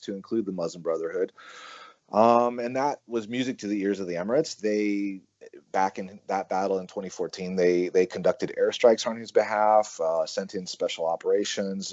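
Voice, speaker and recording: A man, a researcher being interviewed on a podcast, explaining in a measured, analytical way with frequent "um" and "you know" and the odd "right?". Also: on the low side, dark tone, dry recording, highs cut off. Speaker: researcher and author, interview guest.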